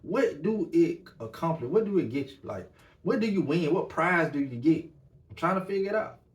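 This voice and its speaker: A man's voice: a little high, expressive, normal speed. A man hosting a podcast, talking in a loose, laid-back monologue and tagging nearly every line with "man". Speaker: podcast host. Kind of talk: casual monologue. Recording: echoey room.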